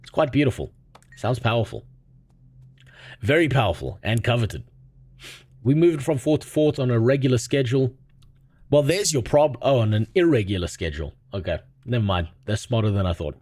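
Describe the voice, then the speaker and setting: Rambling streamer man, crude deadpan jokes. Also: mid-range voice, moderate pace, no room sound. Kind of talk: casual chat while gaming.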